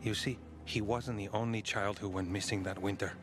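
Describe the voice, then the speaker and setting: A man's voice: lowish voice, steady tone, normal speed, lightly acted. A man voicing a curious young villager. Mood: earnest. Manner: inquisitive, earnest. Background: game music.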